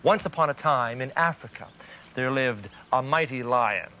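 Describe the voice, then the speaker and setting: A man hosting a children's TV show, telling a story to children in a gentle, animated storyteller's way. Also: mid-range voice, normal speed, slight background noise. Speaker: children's TV host. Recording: dull lo-fi 1990s TV recording.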